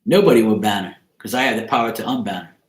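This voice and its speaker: A man's voice: fairly low pitch, fast talker. A man hosting a casual tarot livestream, teasing and joking with his viewers. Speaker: tarot reader and streamer host. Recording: roomy echo.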